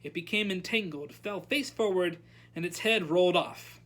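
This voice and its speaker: A librarian reading a novel aloud at storytime, animated and calling out the characters' lines. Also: mid-range voice, moderate pace.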